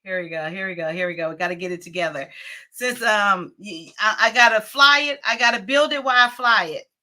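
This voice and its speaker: A woman's voice: medium pitch, fairly quick, bright, forceful tone. A woman hosting a casual livestream, chatting with viewers and laughing often. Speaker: livestream host.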